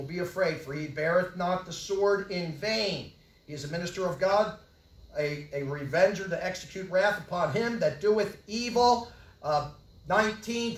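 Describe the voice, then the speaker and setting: An older man preaching a sermon with great passion, swinging from loud yelling to low mutters. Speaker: pastor. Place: church hall. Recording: echoey church hall, from far off.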